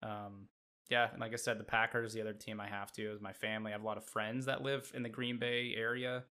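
A man co-hosting a sports podcast with a fairly low voice. He talks casually and rambles, with lots of filler words. He is from the Midwest. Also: little pitch movement, a little fast, pushed and bright. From Midwest United States. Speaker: podcast co-host.

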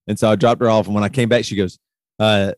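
A man's voice: lowish voice, fast, dry recording. A middle-aged man in casual chat, telling a long story and getting heated as he retells it. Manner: animated retelling, voice rising sharply when heated.

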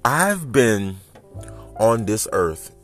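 A man in his thirties hosting a casual podcast monologue, talking in an animated, rambling way straight to his listeners. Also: lowish voice, drawn-out words, soft background music. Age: 30s. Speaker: podcast host. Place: home, smoking while recording.

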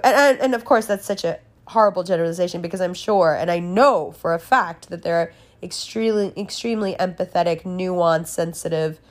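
A young woman talking candidly in a casual monologue, swearing freely and laughing as she tells a personal story. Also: medium pitch.

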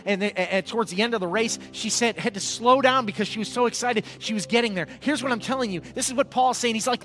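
A man preaching a sermon as pastor, moving from hushed, intimate passages to loud exhortation and calling on the congregation to repeat after him. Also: high voice, quick pace, few pauses, faint music behind. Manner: repeats words, calls on the congregation to respond.

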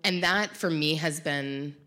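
Woman with a low voice, reflective, pauses to find words. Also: sharp tone. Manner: thoughtful, searching for words. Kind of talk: reflective conversation.

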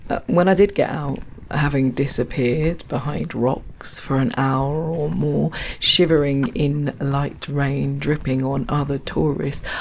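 A woman storyteller offers reflective spoken-word tales, poetic with wry asides, as she walks outdoors along a canal. Her voice sits low with a darkish tone, and there's slight background noise.

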